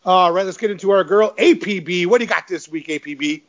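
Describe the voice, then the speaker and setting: A man's voice: sits high, fast, fairly bright tone, muffled recording. A man hosting a podcast in casual chat, talking with enthusiasm, laughing often and repeating words as he goes. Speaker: podcast host.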